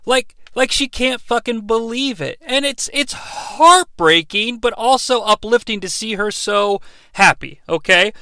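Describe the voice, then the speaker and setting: A man's voice: extremely high pitch, animated, a little slow, pushed and bright, clear, resonant tone, no echo. A man hosting a podcast, recapping an episode with sarcastic, profane asides. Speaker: podcast host.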